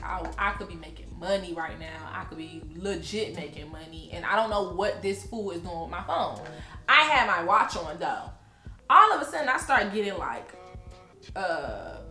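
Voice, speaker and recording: A young woman vlogger casually tells a storytime, retelling it in an animated way and acting out both sides of the conversation. Her voice is medium-pitched with a roomy sound.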